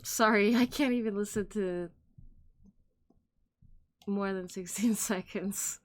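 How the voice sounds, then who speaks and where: Slow-talking blunt woman streamer. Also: medium pitch, fairly even intonation. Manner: blunt, apologetic, giggly. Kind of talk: casual late-night stream chat.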